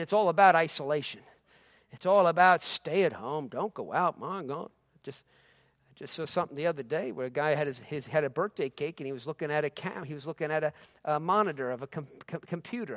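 High-voiced preaching man. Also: fast talker, no echo, studio quality. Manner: swings from conversational to loud preaching. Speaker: pastor. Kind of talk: sermon.

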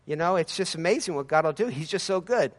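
A man preaching a sermon as pastor, fervent and building to shouts of praise. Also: on the high side, animated, fast talker.

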